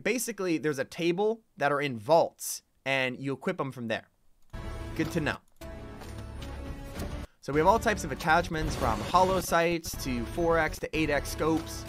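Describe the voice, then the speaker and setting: Excitable, bright-voiced male gaming streamer. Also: fairly high pitch. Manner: excitable, chatty, addresses chat. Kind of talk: live reaction commentary.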